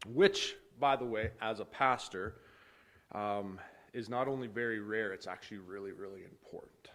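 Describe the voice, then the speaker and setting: Pastor giving a memorial eulogy. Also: male voice, on the low side, normal speed. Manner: warm storytelling with light laughs, then hushed prayer. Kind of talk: eulogy and prayer at a memorial service. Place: funeral service hall.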